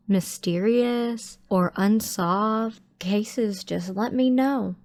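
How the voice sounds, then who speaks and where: A woman in her thirties with a drawl speaks softly and with feeling to her viewers. Her voice is warm and mellow, casual and heartfelt. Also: mid-range voice. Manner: emotional, soft, heartfelt. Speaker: true crime YouTuber. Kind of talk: casual vlog outro.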